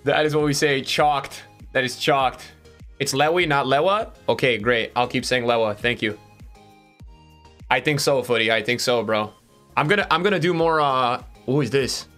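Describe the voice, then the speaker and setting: A male streamer giving live-stream commentary to his chat, excitable and swinging between hype and letdown with plenty of fillers. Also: mid-range voice, moderate pace, faint music behind. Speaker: streamer opening game packs.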